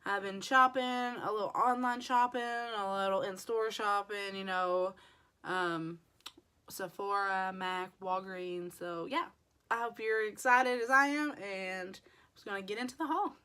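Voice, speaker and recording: A woman with a hoarse voice, chatting casually through a makeup haul as a beauty vlogger, rambling with plenty of fillers. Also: mid-range voice, measured pace, pushed and bright.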